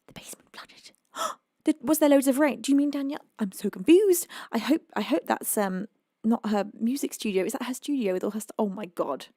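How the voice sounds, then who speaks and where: A woman's voice: fairly high pitch, a little fast, mellow, no room sound, clean studio sound. A British woman hosting a live music stream, chatting casually with viewers, reading their messages aloud and exclaiming often. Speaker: livestream music host. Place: home.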